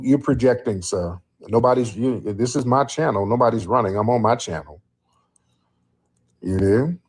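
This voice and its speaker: A man's voice: fairly low pitch, darkish tone, breathy edge. A man hosting a live stream, talking bluntly and casually to his viewers in the chat.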